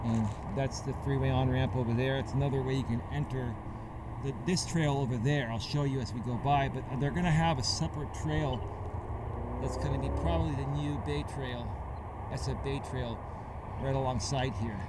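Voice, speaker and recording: A man working as a life coach tells a story in a casual vlog while walking a trail at night, speaking in an animated, chatty way and often adding "right?", recorded on a phone with a small shotgun mic. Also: medium pitch, normal speed. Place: outdoors on a trail at night near a freeway. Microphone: phone on a selfie stick with a mini shotgun mic. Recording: outdoor traffic noise behind.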